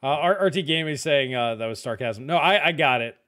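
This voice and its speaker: A middle-aged man hosting a casual tech podcast, laid-back and often trailing off quietly at the ends of sentences. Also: a little high, animated, a little fast. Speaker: podcast host.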